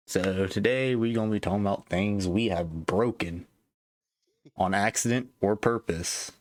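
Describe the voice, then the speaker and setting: Slow, deep-voiced podcast host man. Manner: laid-back, halting with fillers and restarts. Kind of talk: casual gaming podcast chat.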